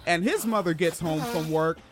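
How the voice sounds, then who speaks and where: A man from Washington State hosting a podcast, telling stories in a profane, animated way. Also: moderate pace, faint music behind. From Washington State, USA. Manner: profane, animated, swings pitch for emphasis. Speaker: podcast host. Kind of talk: casual storytelling chat.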